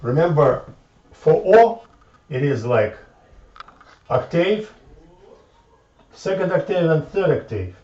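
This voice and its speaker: A man's voice: on the high side, lively intonation, darkish tone. Man lecturing in an echoey room. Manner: halting, repeats words, thinks aloud at the board. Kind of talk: informal math lecture. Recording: echoey room from far off, dull lo-fi sound.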